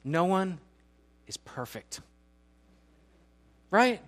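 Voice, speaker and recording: A middle-aged pastor preaches conversationally at normal speed in a mid-range voice. He pokes fun at himself and frequently starts his sentences over.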